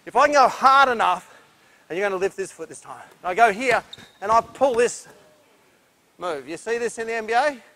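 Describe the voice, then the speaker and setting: A man's voice: sits high, normal speed. A man with an Australian accent coaching basketball defense, demonstrating drills as he talks, breathless from the effort. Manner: energetic, instructive, breathless from drills. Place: indoor basketball court.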